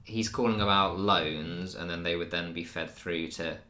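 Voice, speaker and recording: A man, co-hosting a podcast in casual, measured chat. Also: low-pitched, sharp tone. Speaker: podcast co-host.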